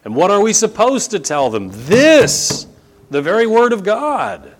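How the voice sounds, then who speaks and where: A middle-aged man preaches a sermon, his pitch rising and falling a great deal as he presses each point. He piles up emphatic repetitions and throws in sarcastic asides. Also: sing-song, a little slow, slight background noise. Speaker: pastor.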